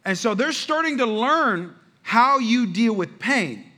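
A man, a father of five, preaching a sermon with animated storytelling, talking straight to the congregation. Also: extremely high pitch, takes it slowly. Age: adult father. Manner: animated storytelling, addresses the crowd. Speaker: pastor.

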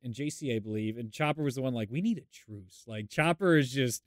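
A young man co-hosting a gaming podcast, telling a story in a casual, animated way and acting out what others said. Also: a little fast, no room sound, studio quality. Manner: animated, acts out quotes with jumps in pitch. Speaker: podcast co-host.

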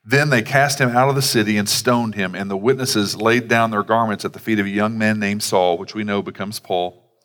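A man's voice: on the low side, steady tone, normal speed, a bit bright. A man, a pastor, preaching a sermon in a conversational way with casual asides. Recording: long hall reverb.

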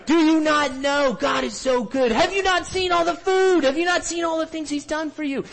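A man voicing an indignant village man who yells angrily at the actors in a play. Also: very high-pitched, moderate pace, creaky, heavy background noise, pitched above the performer's own voice. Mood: outraged. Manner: yelling, scolding.

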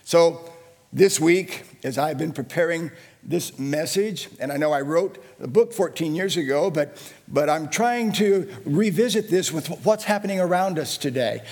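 A middle-aged man preaching with a husky, slightly raised voice that rises and falls widely. He takes his time, stretching his phrases out slowly. His delivery swings between hushed, low passages and loud, emphatic declarations. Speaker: pastor. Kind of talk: sermon.

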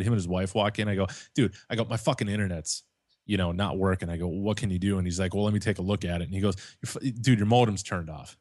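Man, low and quick, foul-mouthed casual storyteller, dry close sound. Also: darkish tone, no echo. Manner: profane storytelling, laughs mid-sentence. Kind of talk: casual chat.

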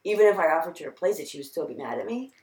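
A woman's voice: fairly low pitch, lively intonation, rapid-fire, darkish tone, echoey room, low-quality recording. A young woman in her twenties telling a long, rambling story in casual chat, full of "like"s and laughing at herself.

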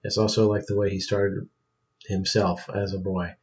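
A man's voice: low voice, flat delivery, normal speed, a little mellow, muffled recording, a little hiss or hum, lightly acted. A man voicing a stern, plainspoken middle-aged father. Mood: earnest.

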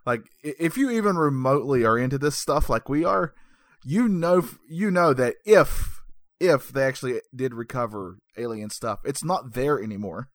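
A man's voice: medium pitch, expressive, normal speed, dry recording, clean studio sound. Laid-back joking podcast co-host, a man. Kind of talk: casual podcast chat.

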